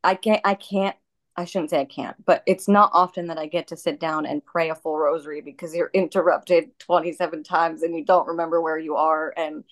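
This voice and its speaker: A woman speaking as a guest over her phone in a casual talk, honest and quick to laugh lightly. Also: low-pitched, fairly even intonation. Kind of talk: casual conversation.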